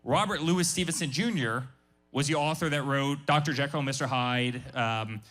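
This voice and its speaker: A man's voice: medium pitch, normal speed, fairly bright tone, faint music behind. A man speaking as a guest business founder at a live workshop, emphatic and passionate, often repeating his words.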